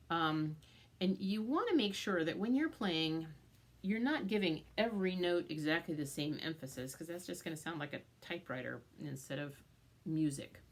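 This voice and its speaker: A woman gives a banjo lesson in a lowish, expressive voice at a normal pace, with loud banjo playing behind her. She takes the tune step by step, patiently covering strings and frets and chanting the picking patterns.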